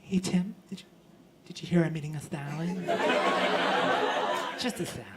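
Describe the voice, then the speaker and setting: A man on stage playing a fussy female office boss who keeps announcing her small side salad, hushed and breathy, repetitive and self-justifying. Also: sits high, very animated, moderate pace, a loud crowd, very noisy, voice pushed up. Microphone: stage mic. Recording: live audience laughter.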